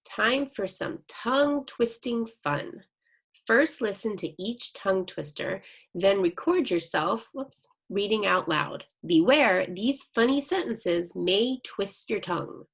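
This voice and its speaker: A woman teacher guides young children through a recorded lesson at an unhurried, patient pace. Her voice carries a gravelly, slightly husky edge, and she reads sentences aloud with care and encouragement. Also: mid-range voice, lively intonation. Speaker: second grade teacher.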